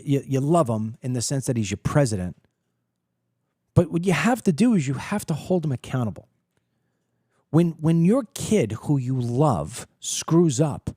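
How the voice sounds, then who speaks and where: A middle-aged man holds forth in an emphatic political monologue, piling up rhetorical questions and repeating words as he builds each point. His voice is mellow and dark, and the recording is dry and close with no room sound. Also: medium pitch, dry recording. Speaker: political talk show host. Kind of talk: opinionated monologue to camera.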